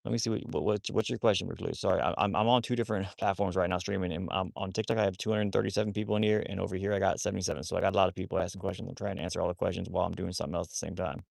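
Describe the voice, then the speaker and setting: A man's voice: low-pitched, steady tone, racing, gravelly, few pauses, no room sound, clean studio sound. A man hosting a casual livestream about rescuing wolfdogs, rambling with many restarts while he talks to his dogs.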